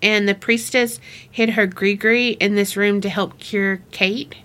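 A woman's voice: medium pitch, steady tone, measured pace, a bit bright. A woman co-hosting a podcast, telling ghost stories in a giggly, chatty way. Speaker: podcast co-host. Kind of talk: casual chat.

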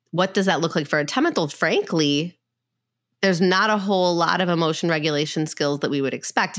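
A woman with a low, grounded voice talks through ideas as a therapist in a relaxed podcast conversation. Her speech is loose and filler-heavy, and it wanders as she thinks aloud. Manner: conversational, many fillers, acts out quoted voices. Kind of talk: casual podcast discussion.

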